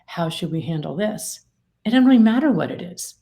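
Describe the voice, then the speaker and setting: Gravelly-voiced middle-aged woman, emphatic. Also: on the low side, fairly quick. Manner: emphatic, animated explaining with vivid examples. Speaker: attorney mediator, guest author. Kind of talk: interview conversation.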